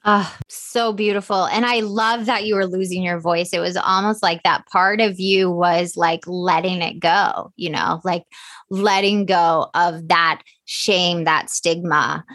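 A woman's voice: on the low side, steady tone, measured pace, a bit bright, no room sound, studio quality. A woman hosting an interview podcast, effusive and affirming toward her guest. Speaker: podcast host.

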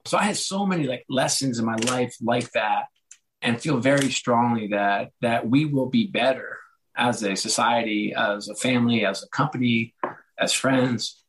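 A hoarse middle-aged man in a casual interview, telling animated stories and acting out the voices of the people in them. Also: mid-range voice, moderate pace, a little hiss or hum, low-quality recording. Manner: animated, acts out quoted voices. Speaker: author and guest.

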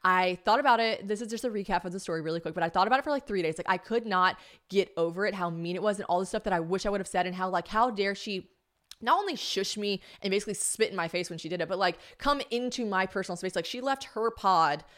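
A young woman hosting a podcast, telling a story in an animated, chatty way, full of "like" and swearing, acting out the voices of others. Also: medium pitch, fast, hardly any pauses. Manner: animated, swearing, lots of "like", acts out quoted voices. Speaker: podcast host. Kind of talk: casual storytelling monologue.

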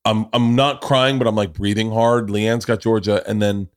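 A male podcast host in casual chat, telling a story in an animated, profane comic way. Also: lowish voice, normal speed, smooth.

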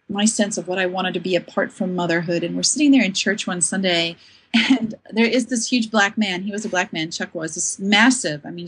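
Husky-voiced woman telling a personal story. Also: on the low side, rough recording. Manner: candid, self-deprecating, animated retelling. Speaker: author and podcast guest. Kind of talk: conversational storytelling.

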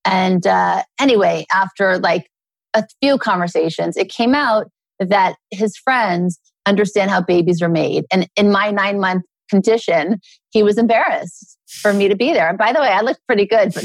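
A middle-aged woman, a guest author, talking earnestly in a relaxed interview and telling personal stories. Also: mid-range voice, moderate pace, creaky, no echo. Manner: earnest, storytelling with acted quotes.

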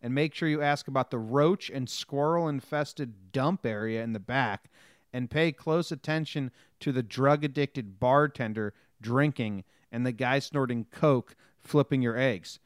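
A man co-hosting a podcast in casual chat, reading things out in a wry, deadpan way. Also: medium pitch, measured pace, clear, resonant tone, no echo, clean studio sound. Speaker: podcast co-host.

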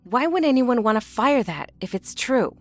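A woman's voice: a little high, expressive, normal speed, no echo, soft background music, natural voice. A woman playing a brash, skeptical young woman. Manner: blunt, impatient, mocking. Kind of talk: audio drama acting.

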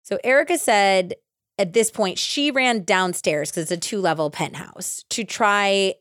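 Smooth-voiced woman retelling a crime story. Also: medium pitch, a little slow, no echo, studio quality. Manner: animated retelling, acts out quotes, frequent "like". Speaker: true crime podcast host. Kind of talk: casual storytelling.

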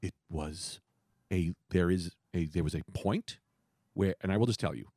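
Young man, low-pitched storyteller, profane and animated, dry close recording. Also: moderate pace, no room sound. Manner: rambling, profane, animated storyteller who acts out quotes. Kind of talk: casual storytelling chat.

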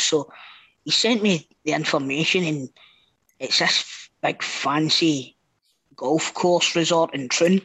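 A Scottish man co-hosting a podcast, swearing freely and telling lively anecdotes. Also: fairly high pitch, slow, husky, no room sound, rough recording. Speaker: podcast co-host. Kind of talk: casual chat, storytelling.

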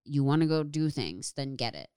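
Woman, young adult, podcast co-host, casual chat, low smooth voice, swears freely, dry close sound. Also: expressive, moderate pace, a little mellow, dry recording. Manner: chatty, swears casually, acts out quotes.

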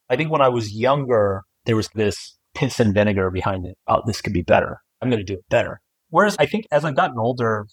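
A man's voice: lowish voice, no echo, poor audio. A man in his forties, a guest author talking candidly and reflectively in a casual podcast chat, often laughing. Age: 40s.

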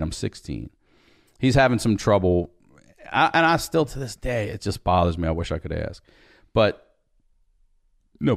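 Brief: man in his 40s, low voice, dry close mic, lively storyteller who acts out voices. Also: no echo. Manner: animated storyteller, acts out dialogue, swears freely. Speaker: podcast guest. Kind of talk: storytelling in casual conversation.

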